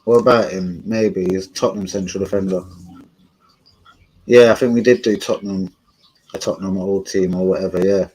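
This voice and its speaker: A man's voice: sits low, fairly even intonation, normal speed, pauses often, a little mellow, slightly rough, rough recording. A man, hosting a casual live stream and chatting with viewers in a laid-back, slangy way, swearing often. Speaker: streamer and channel host.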